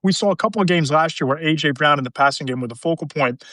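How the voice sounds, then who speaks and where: Brisk, high-voiced podcast host man. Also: a bit bright, no room sound, low-quality recording. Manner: brisk, chatty, many restarts and fillers. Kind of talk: casual sports podcast chat. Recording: dry close sound.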